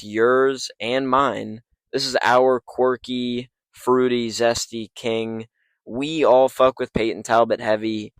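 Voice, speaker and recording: A man's voice: medium pitch, a bit bright. A man with a mid-range voice talks fight picks in a hyped, profanity-laden ramble full of "um"s. He records late at night in a parking lot, and his failing mic gives a dry, close sound with no room echo. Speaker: MMA YouTuber. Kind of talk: casual fight predictions. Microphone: failing microphone.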